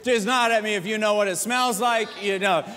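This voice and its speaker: A man preaching a sermon as pastor, telling stories lively and joking with the congregation. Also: high voice, fairly quick. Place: large church sanctuary. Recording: echoey church hall.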